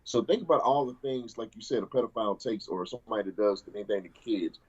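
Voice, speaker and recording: A male podcast co-host with a husky voice. He talks casually and swears, stumbling and restarting his sentences as he goes. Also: fairly low pitch, fast talker, highs cut off. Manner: profane, rambling with restarts.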